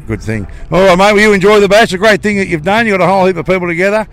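A man's voice: high-pitched, lively intonation, racing, fairly bright tone. An Australian man hosting a podcast, chatting matily with people at an outdoor festival. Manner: chatty, matey banter. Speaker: podcast host. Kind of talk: on-site festival interviews.

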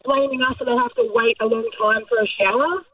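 A woman's voice: fairly high pitch, fairly even intonation, fairly quick, dry recording. A woman calling in to a radio show, complaining in exasperation about her workplace. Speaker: caller. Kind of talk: casual chat. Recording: tinny phone line.

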